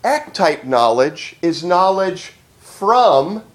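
A man's voice: high voice, sing-song, drawn-out words, reverberant. A man preaching a teaching sermon, emphatic and often repeating phrases as he thinks. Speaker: pastor teaching. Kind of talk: sermon lecture.

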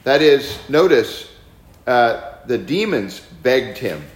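A man teaching a Bible study lesson in an emphatic, animated way, often repeating key words. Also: mid-range voice, takes it slowly, very echoey, poor audio.

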